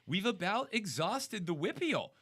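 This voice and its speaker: A man's voice: sits high, very animated, a bit bright. A man with a North Jersey accent hosting a sports show, chatting casually and reading off scores. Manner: chatty, reads off scores quickly.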